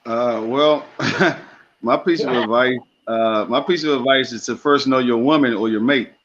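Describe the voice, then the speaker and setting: A man's voice: mid-range voice, unhurried, a bit bright. Muffled man on a remote call. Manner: easygoing, hesitant with fillers. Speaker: guest on a call. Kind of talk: casual advice chat.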